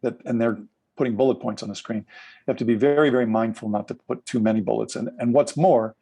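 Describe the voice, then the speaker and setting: A man with a mellow, warm tone and a mid-range pitch, speaking as a guest in a casual interview. He explains ideas at length and moves easily into animated storytelling. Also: quick pace, creaky, husky.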